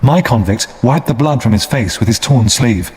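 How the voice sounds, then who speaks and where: A man narrating a storybook for English learners in a clear, measured way. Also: mid-range voice, a little mellow. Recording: long hall reverb.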